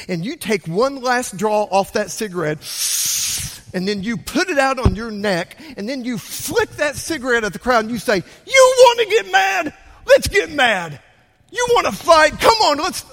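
A man preaching a sermon as pastor, swinging from quiet asides to loud bursts. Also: high voice, long reverb tail.

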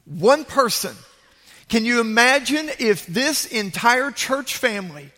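A man's voice: very high-pitched, expressive, measured pace, sharp tone. A man preaching a sermon as pastor to a large congregation, emphatic and repeating his key phrases. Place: large church sanctuary. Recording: reverberant church sanctuary.

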